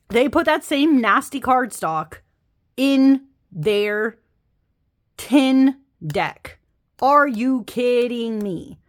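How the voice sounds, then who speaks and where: A woman's voice: medium pitch, a bit bright. A woman hosting a casual vlog, ranting with exasperation and swearing about deck cardstock. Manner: exasperated, swearing, laughing through rants. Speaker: tarot deck reviewer.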